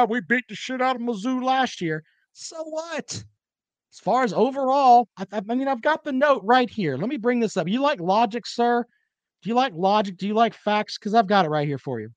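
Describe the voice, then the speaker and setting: A man's voice: very high voice, no echo. A man co-hosting a casual sports talk livestream, reading viewer comments and firing back with sarcastic, profane jabs.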